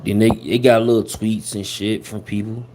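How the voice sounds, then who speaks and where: A man's voice: fairly low pitch, level tone, normal speed, background noise. Slangy man chatting on a livestream. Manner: loose slangy talk with many fillers. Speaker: host of a hip-hop gossip livestream. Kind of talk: casual livestream chat.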